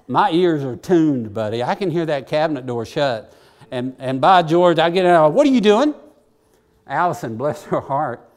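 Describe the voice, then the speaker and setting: An older man, a preacher telling homespun stories in a chatty, self-deprecating way with lots of asides. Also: medium pitch. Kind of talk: folksy sermon storytelling.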